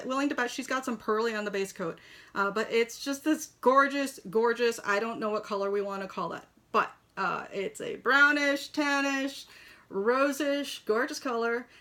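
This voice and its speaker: She sits high in pitch with a slightly bright tone, chatting casually in her kitchen as a toy shop owner reviewing a collectible model horse. Her commentary is gushing and full of fillers.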